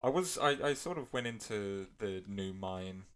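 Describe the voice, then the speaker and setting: A man with a fairly low voice talks through his gameplay in a loose, rambling way, full of fillers and mid-sentence corrections. His voice cracks here and there as he goes. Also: animated, normal speed, clean tone. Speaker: gameplay video creator. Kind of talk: casual gameplay commentary.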